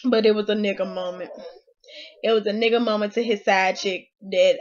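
A woman hosting a recap of a reality show, telling it in an excitable, slangy way and acting out what people said. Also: mid-range voice, moderate pace, lo-fi sound. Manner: excitable storytelling, slangy, acts out quotes.

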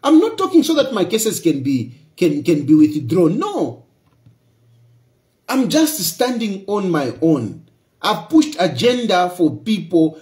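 Emphatic Zambian man, lively high voice. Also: echoey room. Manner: repetitive, emphatic, mixes in Bemba phrases. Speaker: opposition politician. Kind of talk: passionate political monologue.

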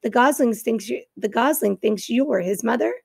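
A woman voicing a quiet, shy young male beaver who speaks gently in a storybook. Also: fairly high pitch, moderate pace, vocal fry, husky, dry recording.

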